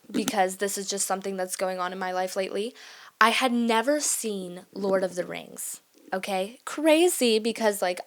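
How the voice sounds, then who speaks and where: A young woman talks straight to her viewers in a loose, rambling rant. She leans hard on her points with emphatic repeats, drifts off track and laughs along the way. Her pitch sits in an ordinary middle range. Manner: rambling and easily sidetracked. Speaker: vlogger. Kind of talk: casual rant monologue.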